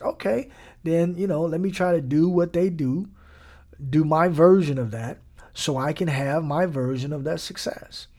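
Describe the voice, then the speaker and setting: A man's voice: a little high, a little slow, mellow. A man delivering a conversational sermon, casual and emphatic, repeating lines for effect and mixing in slang. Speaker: preacher.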